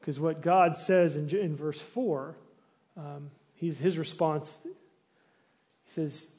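This pastor's sermon is slow, with long pauses, and his voice has a breathy edge and sits a little high for a man. Relaxed and conversational, he asks searching questions, restarts with fillers, and turns animated while acting out complaints.

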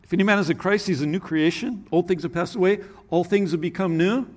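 Man, pastor, sermon, fairly high voice, earnest, soft hushed asides. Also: quick pace.

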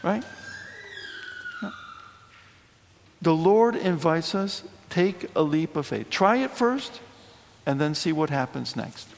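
A man's voice: a little high, slow, gravelly, long pauses, a little hiss or hum. Man preaching animatedly in an echoey church. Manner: animated, chatty preaching with frequent asides. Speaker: priest. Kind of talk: sermon.

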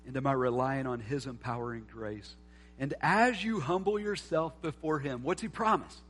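Animated preacher man with a higher voice. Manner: animated preaching, swings from loud emphasis to soft, quiet reflection. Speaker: pastor. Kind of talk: sermon. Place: church sanctuary.

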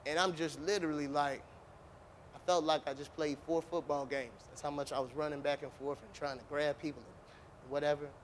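A man with a high voice tells a story to a crowd in an easygoing, chatty way. He keeps it lively, throws in punchy sound effects and leans on casual fillers as he goes. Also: a little fast, a little hiss or hum. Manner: animated, with vocal sound effects; conversational, with many fillers. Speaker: speaker telling a story to an audience. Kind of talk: storytelling talk.

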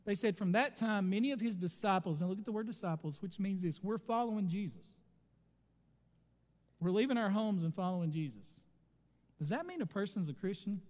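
A pastor preaching a sermon in a high, ringing voice. He swells into sudden loud bursts, then slows to drawn-out words for effect. The church behind him carries a long, lingering reverb. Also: animated. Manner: preaching with sudden loud surges and dramatic slowdowns. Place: church sanctuary.

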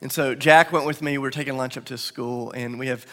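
A man's voice: mid-range voice, a little fast. A man, preaching a sermon to his church and telling stories with acted quotes. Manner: animated storytelling with acted quotes. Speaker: pastor. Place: large church hall. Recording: long hall reverb.

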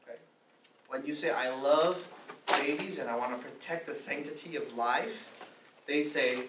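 A man's voice: mid-range voice, moderate pace, noisy background. A man preaching a sermon, pressing his point with repeated rhetorical questions. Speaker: pastor. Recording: roomy echo, mic at a distance, faint ambience.

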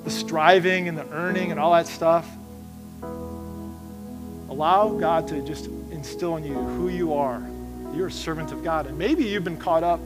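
A man preaching a sermon in a church, earnest and conversational, often restarting his sentences as he roams the stage. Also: a little high. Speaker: pastor. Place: church sanctuary.

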